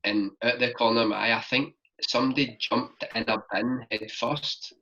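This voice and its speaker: A young Glaswegian man, a guest on a podcast, rambles through travel stories, filling his casual chat with "like." His mid-range voice is steady, moderately paced, and pushed and bright. The lo-fi podcast recording sounds dull.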